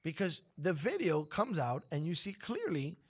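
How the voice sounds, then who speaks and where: A man's voice: a little high, huge pitch swings, moderate pace, husky. A man hosting a radio show, chatting in a playful, teasing way. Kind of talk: casual radio banter.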